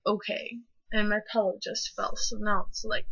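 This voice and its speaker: A woman's voice: medium pitch, measured pace, creaky, poor audio. A teenage girl vlogging at home, ranting angrily and swearing hard as she tells a story. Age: teens. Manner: angry, animated ranting with heavy swearing.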